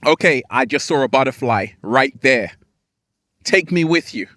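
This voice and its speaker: A man giving an animated, playful motivational vlog outdoors in nature, laughing often. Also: medium pitch, moderate pace, no room sound, clean studio sound. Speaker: spiritual vlogger.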